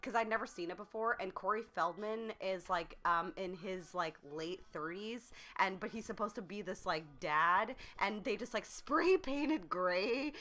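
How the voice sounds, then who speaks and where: A woman's voice: mid-range voice, unhurried, few pauses, sharp tone. A woman co-hosting a podcast, chatty and enthusiastic, often laughing. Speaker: podcast co-host. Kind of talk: casual chat.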